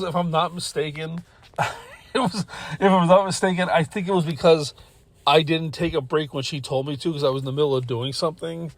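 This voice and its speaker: A man's voice: on the high side, no room sound. Profane rambling man telling a story. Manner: rambling, profane, self-interrupting, laughs while telling. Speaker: podcast host. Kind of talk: casual storytelling.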